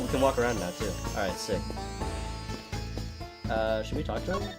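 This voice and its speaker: A man's voice: lowish voice, very animated, normal speed, long pauses. A man chatting casually and self-deprecatingly while playing through a game. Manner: chatty, self-deprecating, laughs at own mistakes. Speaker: game streamer. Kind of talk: casual let's-play commentary. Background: game music.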